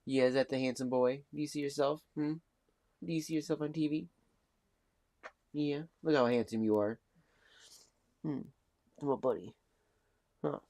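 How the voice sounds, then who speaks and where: Man cooing softly on a live stream. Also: medium pitch, normal speed, long pauses, dry recording. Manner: coos affectionate baby talk at a pet cat; soft-spoken, drifting between murmurs and bright calls. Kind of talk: casual live-stream chat.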